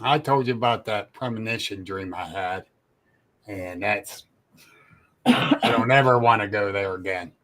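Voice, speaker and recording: A man's voice: on the low side, unhurried, pauses often, a bit bright. A man in a casual chat, talking in a hesitant, reflective way.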